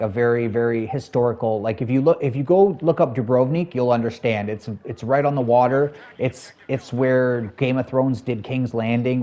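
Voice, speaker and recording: A man's voice: mid-range voice, warm tone. A man chatting casually with his live-stream viewers while he plays a shooter game, rambling in a friendly way from topic to topic. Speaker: gaming streamer.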